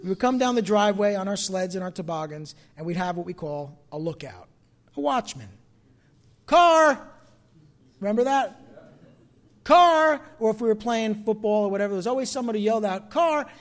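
A middle-aged New Jersey pastor delivers a sermon conversationally, sinking into soft asides and then surging into loud, emphatic bursts. His male voice sits high and sounds animated, moving fast with few pauses.

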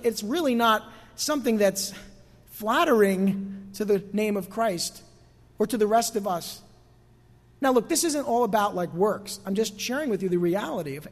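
A man preaching a conversational sermon as pastor, dropping quiet for emphasis and rising for asides. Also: extremely high pitch, in a large hall. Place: church sanctuary.

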